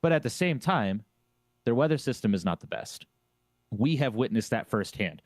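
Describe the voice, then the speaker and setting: A man's voice: mid-range voice, lively intonation, normal speed, no room sound. A man on a streamer panel discussion, talking emphatically and opinionatedly, repeating phrases to drive his point home. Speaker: flight sim streamer on a panel.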